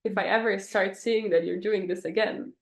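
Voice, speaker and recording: A young woman recounts a dating story for her podcast, building it up with dramatic pauses. Her voice sits in a middle pitch. The room around her has a roomy echo. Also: fairly even intonation. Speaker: podcast co-host. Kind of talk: casual chat, storytelling.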